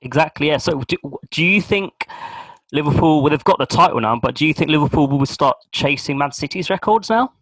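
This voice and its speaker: A man's voice: fairly high pitch, animated, a bit bright, no echo, low-quality recording. Chatty man, dry close sound. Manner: chatty, agreeable, quick to laugh. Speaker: podcast co-host. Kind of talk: casual football chat.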